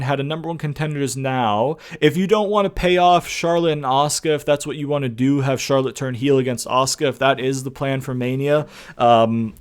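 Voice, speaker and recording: A young man with a fairly high voice rants through a casual show review. He rambles, restarts his sentences and swears freely. His tone is exasperated throughout. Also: a little mellow, clean tone.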